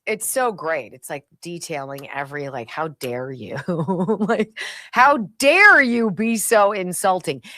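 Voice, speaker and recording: A middle-aged woman hosts talk radio in a low voice that leaps into high, excited bursts and drops to quiet, muttered asides. She is sarcastic and laughs often. The sound is dry and close, with no room echo. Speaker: radio show host. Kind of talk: opinionated talk radio monologue and host-read ad.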